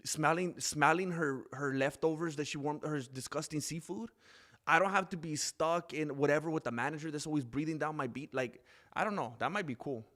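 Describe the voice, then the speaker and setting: A man's voice: a little high, fairly quick, a bit bright. A man hosting a casual live stream into a desk microphone, rambling between topics and reading chat comments aloud with frequent laughs. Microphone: desk microphone with mixer.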